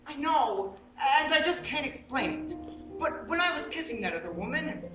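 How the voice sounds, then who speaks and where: A woman's voice: high-pitched, big pitch swings, normal speed. A woman playing an earnest, lovestruck groom. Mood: pleading. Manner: pleading and earnest. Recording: echoey stage audio from far off, over music.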